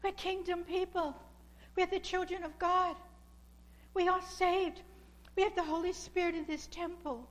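High-voiced fervent woman preacher. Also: steady tone, measured pace, pauses often. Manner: fervent, repetitive pleading. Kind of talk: sermon.

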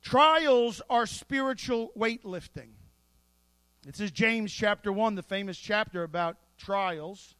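A man with a strikingly high voice delivers a sermon, lively and playful, with asides folded into his points. The sound is dry and close, with no room around it. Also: slow, clear, resonant tone, no room sound. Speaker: pastor.

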